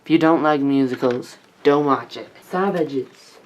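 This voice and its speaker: A woman's voice: very deep voice, measured pace, poor audio. A teenage girl vlogging at home, reviewing DVDs in a rambling, chatty way with asides to the camera. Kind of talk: casual vlog review.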